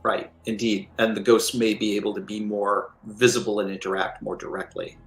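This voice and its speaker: A man talking through game design ideas on a live stream, measured and leaning on "you know" fillers. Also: lowish voice, little pitch movement, echoey room, rough recording. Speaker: line developer and game designer.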